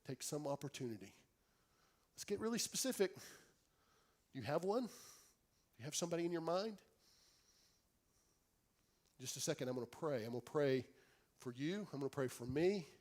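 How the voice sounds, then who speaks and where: A young adult man, a pastor, preaching a sermon in an earnest, pleading way, dropping to soft quiet tones for emphasis. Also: on the high side, big pitch swings, normal speed, long pauses.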